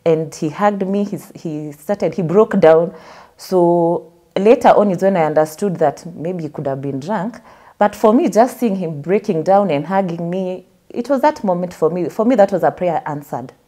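A woman's voice: lowish voice, dark tone. A young Kenyan woman telling her life story as a guest in an interview, acting out the voices of the people she quotes.

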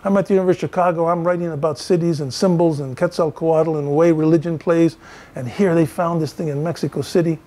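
An older man, a professor, giving a storytelling lecture with lively anecdotes and acted-out dialogue. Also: on the high side, fast. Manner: animated anecdotes, acts out quoted dialogue.

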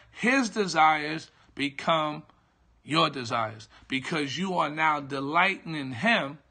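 A middle-aged man, a pastor, teaching a devotional slowly and repetitively, checking that listeners follow and greeting viewers by name. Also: a little high, creaky, sharp tone. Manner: slow, repetitive teaching with call-and-response checks. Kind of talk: live-streamed devotional teaching.

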